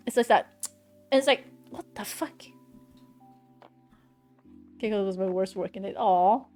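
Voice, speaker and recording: A woman's voice: medium pitch, moderate pace, pauses often, darkish tone, faint music behind. A woman streaming live from home, chatting casually in a blunt, ranting way and swearing freely.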